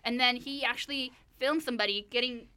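A woman with a fairly high, clean-toned voice talks a little fast as she co-hosts a podcast. She's animatedly going over a film she watched, dropping many "like" and "you know" fillers.

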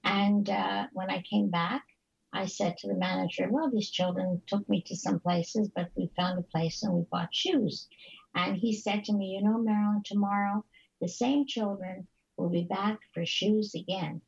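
Woman interview guest, earnest storyteller, gravelly and husky, slightly dull lo-fi recording. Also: medium pitch, steady tone. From Canada. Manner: earnest, halting storyteller with many restarts. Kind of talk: telling stories in an interview.

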